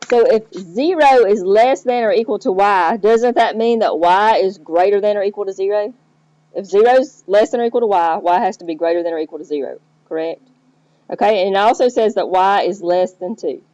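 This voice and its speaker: A woman's voice: mid-range voice, warm tone, no echo. A woman teacher explaining math step by step, checking in with the listener as she goes. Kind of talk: recorded math lesson. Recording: dull lo-fi recording.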